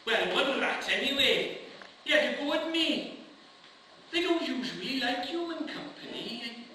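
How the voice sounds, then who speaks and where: Brief: man as a jittery Welsh private, very high bright voice, echoey hall from far off. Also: lively intonation, a little slow, slight background noise, full character voice. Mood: deferential. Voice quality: eager, deferential. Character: nervous polite Welsh army private. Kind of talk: amateur stage play.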